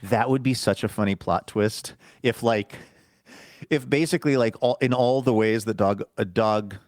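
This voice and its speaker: A man co-hosts a podcast, his voice on the low side and a little mellow, moving at a moderate pace through rambling, self-deprecating casual chat. The studio sound is clean, with no room sound.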